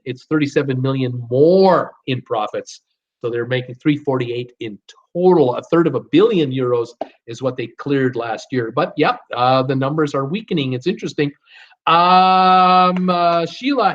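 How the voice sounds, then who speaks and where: A man hosting a live stream, reading viewer comments aloud and answering them in an upbeat way with many fillers. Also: a little high. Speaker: host of a live cruise show. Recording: dull lo-fi stream audio.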